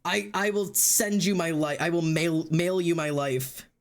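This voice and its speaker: A streamer chatting casually and loudly to live viewers, rambling and poking fun at themself. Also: medium pitch, fairly even intonation, a little slow. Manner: loud, rambling and self-mocking. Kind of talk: casual livestream chat to viewers.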